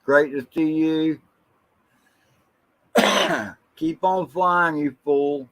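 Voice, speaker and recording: A man's voice: on the high side, fairly even intonation, fairly bright tone, rough recording. A man hosting a casual livestream who reminisces in a rambling way and greets viewers from the chat by name. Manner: slow, rambling, reminiscing storyteller. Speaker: drone channel livestream host.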